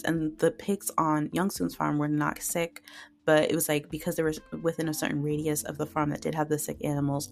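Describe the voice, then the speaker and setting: Low, gravelly-voiced woman recapping dramas. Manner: emotional, retells scenes with many fillers. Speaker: podcast host reviewing dramas. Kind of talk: casual solo review.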